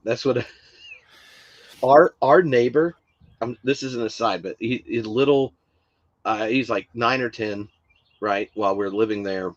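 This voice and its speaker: A man's voice: medium pitch, a little slow, long pauses, no room sound, muffled recording. A man co-hosting a podcast, chatting casually with many fillers and restarts. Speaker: podcast co-host. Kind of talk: casual chat.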